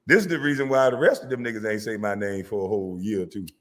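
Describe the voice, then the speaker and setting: A man delivering a profane, mocking comedic rant as a vlogger, sometimes breaking into shouts. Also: on the low side, fast, big-room sound. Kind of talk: comedic rant reacting to sports media.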